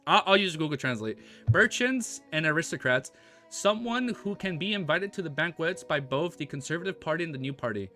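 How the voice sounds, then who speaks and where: A man's voice: on the high side, lively intonation, brisk, bright, forceful tone, faint music behind. A young American man reading a web novel aloud on a stream, stumbling over words and chatting with viewers in a casual way. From United States.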